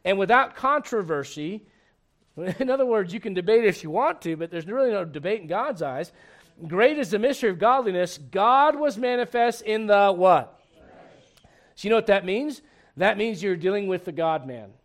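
A man preaching a sermon as pastor, lively and humorous, full of rhetorical questions to the congregation. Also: high-pitched, normal speed.

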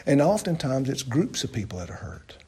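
A man preaching a sermon, asking his listeners loud questions and dropping to low, hushed lines. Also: sing-song, fairly quick, husky.

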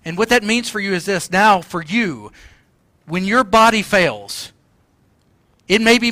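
A man's voice: sits high, animated, unhurried, long pauses, pushed and bright, no room sound. A man preaching a sermon, passionate and emphatic, at times crying out the words he quotes. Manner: impassioned, crying out quoted lines. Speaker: pastor.

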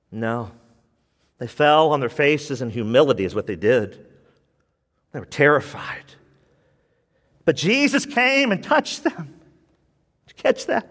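A man's voice: on the high side, animated, unhurried, long pauses. Impassioned preaching man in a reverberant church. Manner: impassioned preaching, pleading prayer. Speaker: pastor. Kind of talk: sermon.

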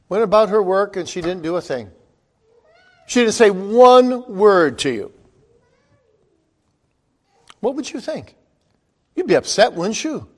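A man preaching a sermon to children and adults, with a dramatic delivery that swings between loud and hushed. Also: sing-song, measured pace, pauses often. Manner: dramatic, wide swings in loudness and pitch.

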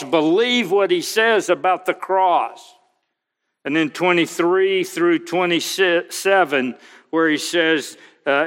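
A male pastor preaching a sermon, slow and emphatic, quoting scripture aloud. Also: a little high, a bit bright, big-room sound.

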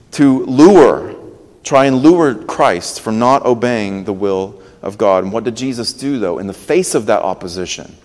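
A man's voice: medium pitch, big-room sound. A man preaching a sermon as pastor, earnest and emphatic, his voice swelling and dropping for emphasis. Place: church sanctuary.

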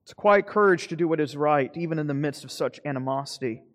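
A man preaching a sermon as pastor, earnest, slowing for emphasis and then speeding up. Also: fairly high pitch, a bit bright, big-room sound. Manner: earnest preaching, shifting between slow emphasis and quick asides.

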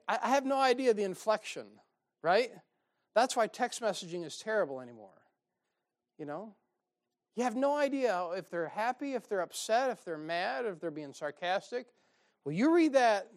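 A man's voice: sits high, lively intonation, normal speed. Pastor, man, joking sarcastic pulpit delivery. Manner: joking, sarcastic preaching with frequent laughs. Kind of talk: sermon.

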